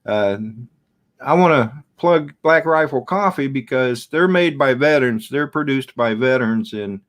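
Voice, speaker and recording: A man's voice: mid-range voice, expressive. A middle-aged man hosting a casual live stream from home, rambling and chatting back to viewer comments in front of his camera. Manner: slow, rambling, reads out and answers viewer comments. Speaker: livestream host.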